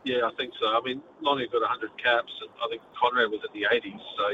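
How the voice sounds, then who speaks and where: A man's voice: medium pitch, steady tone, fast talker, pushed and bright, slightly rough. A man with a New Zealand accent calling in to a radio show, rambling and laughing often. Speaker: caller. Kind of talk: casual phone-in chat. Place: in transit. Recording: dull phone line.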